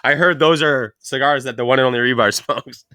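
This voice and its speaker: A man's voice: medium pitch, a little fast, pushed and bright, clear, resonant tone, no echo, clean studio sound. A Canadian man hosting a casual chat, joking and swearing freely. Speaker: podcast host.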